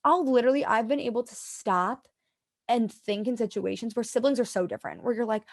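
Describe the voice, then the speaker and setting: A woman's voice: fairly high pitch, expressive, fairly quick, vocal fry, darkish tone. Chatty young woman, podcast guest. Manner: chatty, lots of "like", talks to herself in quotes. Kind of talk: casual interview chat.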